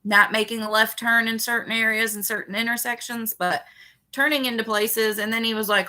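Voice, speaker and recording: A woman telling a story in a casual, sarcastic rant, with quick animated bursts. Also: fairly high pitch. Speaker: vlogger.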